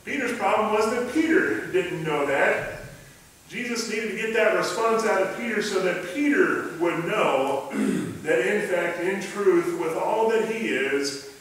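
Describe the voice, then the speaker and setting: A man's voice: high-pitched, expressive, unhurried, a bit bright. A male pastor preaching a sermon in a conversational way, retelling scripture as a story in plain everyday words. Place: church sanctuary. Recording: echoey church hall from a distant mic.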